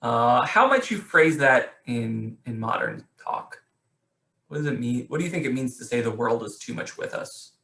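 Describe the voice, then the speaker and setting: A male teacher leads an online poetry class, his voice bright and ringing in an echoey room. He stops and restarts often and keeps asking his students questions. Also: medium pitch, very animated, moderate pace. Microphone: video call.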